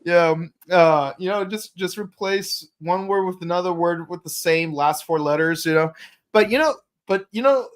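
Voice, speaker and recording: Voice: medium pitch, normal speed. A co-host of a live fan review show, chatting casually about the latest episode. The talk rambles and restarts often. The co-host breaks into sung bits of songs along the way.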